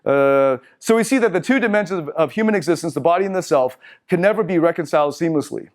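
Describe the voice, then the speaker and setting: A man's voice: fairly high pitch, lively intonation, fast talker. A man teaching a seminar, reading passages aloud and then riffing on them casually with asides. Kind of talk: lecturing from slides to a group. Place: meeting room.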